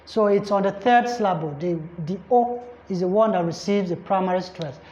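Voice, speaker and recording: A woman's voice: medium pitch, normal speed, warm tone. A woman tutoring for an English exam in a classroom lecture style, who repeats points, spells words out letter by letter and checks that listeners understand. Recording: echoey room, slightly dull sound.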